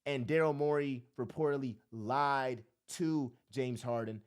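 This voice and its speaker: A man's voice: medium pitch, measured pace, clear, resonant tone. A man hosting a sports talk show, ranting with emphatic passion and throwing in "bro" constantly. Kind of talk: impassioned sports rant.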